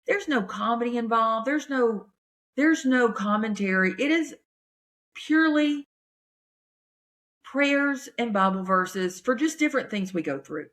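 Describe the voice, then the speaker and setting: A woman comedian, talking in a chatty, folksy, animated way on her podcast. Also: fairly high pitch, unhurried. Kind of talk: casual chat.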